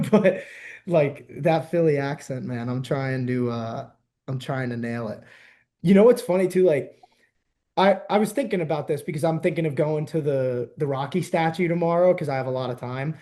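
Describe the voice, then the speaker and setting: Young guy from jersey/ny way, rants and laughs a lot, slightly high mellow voice. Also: moderate pace. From New Jersey–New York area. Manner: animated, ranting, laughs often. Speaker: podcast host. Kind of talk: casual podcast chat.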